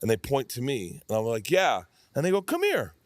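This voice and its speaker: A man's voice: medium pitch, very animated, fairly quick, no room sound. Crude rambling male storyteller, dry sound. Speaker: podcast guest. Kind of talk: casual chat.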